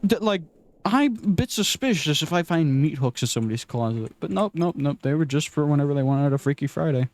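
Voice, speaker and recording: A man's voice: a little high, expressive, a little fast, darkish tone. Rambling, crude young man gamer. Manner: rambling, crude, self-deprecating, with frequent restarts. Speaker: gaming vlogger. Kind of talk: casual rambling commentary while playing.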